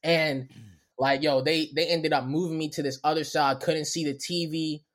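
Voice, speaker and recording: Casting: male storyteller, loose and animated, breaks into laughter, acts out every quote. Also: on the high side, normal speed. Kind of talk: casual storytelling.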